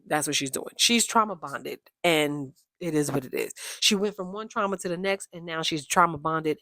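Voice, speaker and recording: A woman giving a casual, opinionated recap of a reality TV show, with chatty, animated asides. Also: deep voice, dry recording, studio quality.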